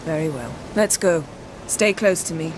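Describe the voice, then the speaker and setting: An actress voicing a proud, commanding sorceress in poised video game dialogue. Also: female voice, deep voice, lively intonation, moderate pace, noisy background. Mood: cool. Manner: poised, imperious.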